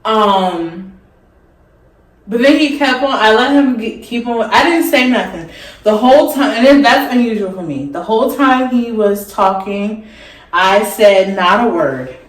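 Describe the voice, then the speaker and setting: A woman's voice: on the high side, expressive, measured pace. Chatty young woman in an echoey room. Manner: chatty, rambling, frequent "like" fillers, candid. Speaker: beauty vlogger. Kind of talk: casual storytelling while doing makeup. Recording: echoey room, mic at a distance.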